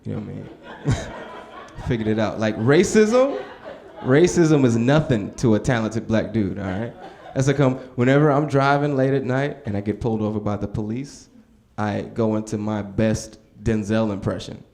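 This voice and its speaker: A man's voice: on the low side, moderate pace, a little mellow, echoey room. A young man performing a stand-up set in a club, telling stories in a laid-back way and acting out other voices. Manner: laid-back storytelling, acts out voices, laughs at own jokes. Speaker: stand-up comedian. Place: comedy club stage with audience.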